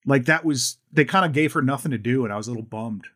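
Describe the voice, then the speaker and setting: A man's voice: mid-range voice, fast talker, few pauses, a bit bright. A man co-hosting a podcast in casual chat, recapping a film in a rambling way, full of restarts. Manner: rambling, with many fillers and restarts. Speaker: podcast co-host.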